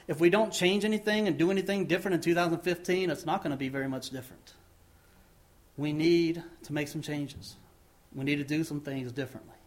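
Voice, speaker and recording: A man preaching a sermon to his church and leading a closing prayer, asking the congregation questions and pushing words up before letting phrase ends fall soft and low. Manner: rising emphasis then dropping low at phrase ends; asks the congregation many questions. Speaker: pastor.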